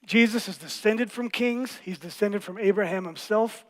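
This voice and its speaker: A man preaching a sermon as pastor, teaching in a playful, animated way with quick jokes. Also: sits high, long reverb tail. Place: church hall.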